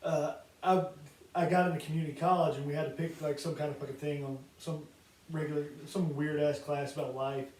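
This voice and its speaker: A man's voice: fairly high pitch, little pitch movement, a little fast, darkish tone. A man co-hosting a casual wrestling talk show, telling stories full of swearing and laughter. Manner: profane, laughing storyteller. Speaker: podcast co-host. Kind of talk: casual chat. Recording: roomy echo, distant mic.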